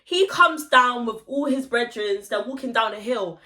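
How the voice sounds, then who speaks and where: Young woman vlogger, high and bright, animated slang storytelling. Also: normal speed, a little hiss or hum. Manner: animated, slangy retelling with quoted voices. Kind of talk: story time vlog.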